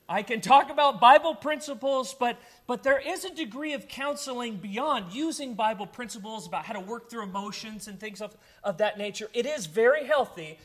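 A man's voice: extremely high pitch, a bit bright. A middle-aged man preaching a sermon in an earnest, conversational way, with personal stories. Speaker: pastor.

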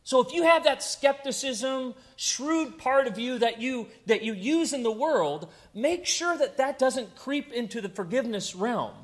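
A man's voice: extremely high pitch, expressive, measured pace, few pauses. A middle-aged man preaching a sermon in an earnest, conversational way, with personal stories. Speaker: pastor.

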